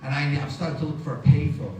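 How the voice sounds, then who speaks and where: A man's voice: fairly high pitch, quick pace, slight background noise. A middle-aged man giving a live talk, telling his own story and animatedly acting out the dialogue of the people in it. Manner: animated, acts out dialogue in voices. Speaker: guest speaker. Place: large synagogue hall. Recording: echoey hall, mic from far.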